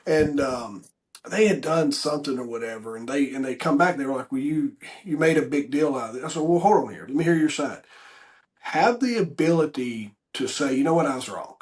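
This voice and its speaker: A man's voice: mid-range voice, expressive, brisk, darkish tone. A man hosting a podcast, talking casually in a rambling, hesitant way with lots of ums. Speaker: podcast host. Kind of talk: casual interview chat.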